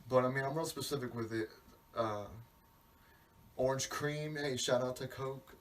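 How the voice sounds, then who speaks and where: At a moderate pace and in a steady, medium-pitched voice, a man hosts a podcast with a comic monologue that rambles. He curses, meanders, and cuts off his own sentences. The recording uses a distant mic and carries faint background hiss.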